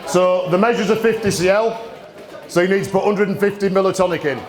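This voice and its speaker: With a high voice and a brisk delivery, a man hosts a live gin tasting for a distillery. He's blunt with the audience and full of cheeky banter, while people murmur and laugh in the background.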